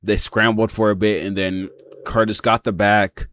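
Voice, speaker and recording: A man with a lowish voice talks through a fight breakdown in a loose, rambling way, filling his pauses with 'um' and swearing often. The sound is dry and close, with no room around it. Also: level tone, fairly bright tone, no room sound. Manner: rambling, heavy swearing, many fillers. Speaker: MMA reaction channel host.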